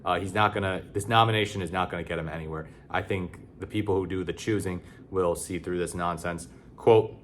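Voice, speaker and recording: A man delivering casual opinion commentary in a somewhat low voice. He talks sarcastically and bluntly, with loose phrasing, fillers and frequent restarts. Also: steady tone, fairly quick, few pauses. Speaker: political commentator.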